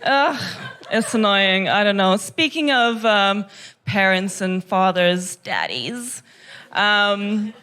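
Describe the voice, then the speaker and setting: A woman's voice: medium pitch, takes it slowly, fairly bright tone, smooth. A woman from Kazakhstan performing a stand-up comedy set, full of sarcastic, mock-gushing irony. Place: comedy club.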